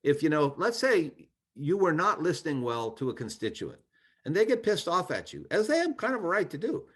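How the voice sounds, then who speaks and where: A man's voice: fairly high pitch, huge pitch swings, a little fast, a bit bright, breathy edge. A man, a former congressman, speaking in an online training talk, giving earnest advice with frequent restarts.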